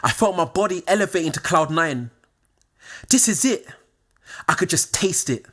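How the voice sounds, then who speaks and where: A man, telling a scripted personal story, moving from quiet confiding tones to excited exclamations. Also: high voice, normal speed.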